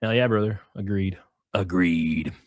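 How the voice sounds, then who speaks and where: A man's voice: low-pitched, measured pace, a little mellow, no room sound, studio quality. A man hosting a livestream, reading viewer messages aloud in casual, profane banter with frequent chuckles.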